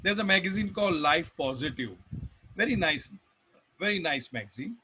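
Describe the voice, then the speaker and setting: A man's voice: fairly high pitch, expressive, normal speed, bright, forceful tone, husky, low-quality recording. A man with an Indian English accent giving a rambling spiritual talk, telling stories with restarts and emphatic lists. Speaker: devotional speaker.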